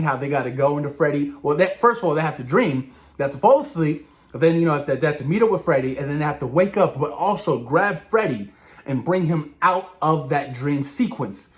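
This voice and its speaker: An excitable man rambles through a TV episode discussion, swearing freely and acting out his reactions. His voice sits a little high and swoops all over as he talks. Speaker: show reviewer.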